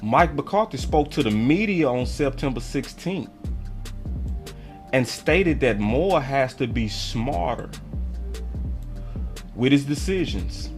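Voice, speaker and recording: Fired-up sports stream host. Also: male voice, fairly high pitch. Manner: heated, ranting, slangy; reads articles aloud on stream. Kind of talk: live stream commentary.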